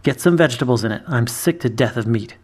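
A man voicing a young squire with a brisk, deadpan delivery. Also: medium pitch, close to an everyday voice. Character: young male squire, dry and sly.

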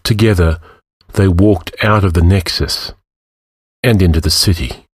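Slow, deep husky male narrator. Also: dry recording, studio quality. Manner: slow, measured reading with voiced characters. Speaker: story narrator. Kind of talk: scripted fiction narration.

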